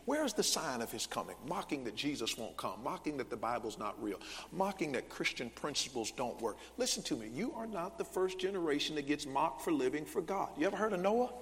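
Animated preacher in echoing hall. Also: male voice, high-pitched, a little hiss or hum. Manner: call-and-response preaching, rising to loud bursts. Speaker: pastor. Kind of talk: sermon. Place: large church sanctuary. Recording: long church hall reverb.

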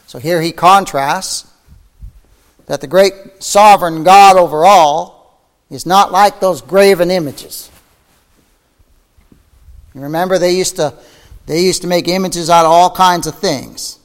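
Fervent male preacher, high voice, long hall reverb; surges then hushes. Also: measured pace, long pauses. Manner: fervent preaching, soaring then dropping to a hush. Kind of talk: sermon.

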